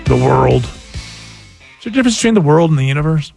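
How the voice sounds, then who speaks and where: A man hosting casual radio chat, musing and halting as he thinks aloud. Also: fairly high pitch, lively intonation, creaky, music in the background. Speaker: radio show host.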